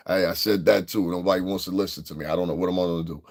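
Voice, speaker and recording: A man's voice: deep voice, fast, creaky. A man, hosting a podcast and riffing on the news in a profane, rambling, repetitive way. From New York. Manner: profane, rambling, repeats himself. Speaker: podcast host. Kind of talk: casual livestream commentary.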